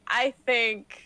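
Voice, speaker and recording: Slow, deadpan woman player. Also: sits high, dry recording, poor audio. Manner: deadpan, drawling, joking. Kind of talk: casual tabletop game chat.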